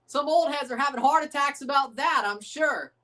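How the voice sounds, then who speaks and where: A woman riffing through a live sports watchalong, profane and joking, deliberately abrasive. Her speaking voice sits a little high. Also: fairly bright tone. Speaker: livestream host.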